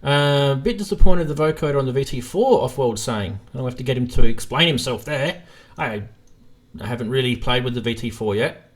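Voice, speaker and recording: A man's voice: medium pitch, lively intonation, brisk. Chatty male live stream host. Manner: laughs easily, chatty with viewers. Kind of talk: casual live stream chat.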